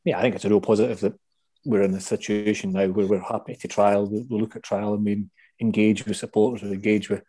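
Male co-host, raspy and dark, quick to get excited. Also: lowish voice. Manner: excitable, joking. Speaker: commentator and co-host. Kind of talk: casual interview chat.

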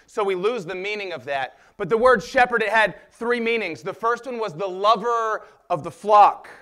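Male pastor, high-pitched voice, emphatic sermon delivery. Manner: energetic, emphatic preaching.

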